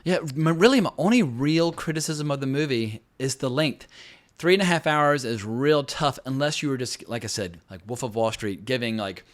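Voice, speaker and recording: A man reviewing a film in a loose, conversational way, blunt about what he thinks. He talks at a middle pitch for a man, often circling back with fillers and restarts. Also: lively intonation, moderate pace. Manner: candid, chatty, frequent fillers and restarts. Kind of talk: casual spoken film review.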